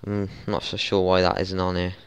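Exasperated young man, smooth voice. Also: low voice, completely flat delivery, moderate pace, dry recording. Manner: frustrated, swearing, exasperated outbursts. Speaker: gaming YouTuber. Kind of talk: football management let's play commentary.

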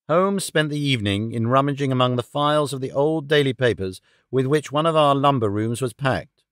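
A man narrating an audiobook in a steady, even storytelling manner. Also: mid-range voice, fairly quick, smooth, dry recording, clean studio sound. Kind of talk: scripted narration.

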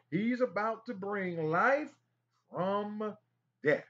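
A man's voice: sits high, sing-song, slow pace, a bit bright, husky, dull audio. A man teaching a Bible study in an emphatic preaching style, repeating phrases and exclaiming as he goes.

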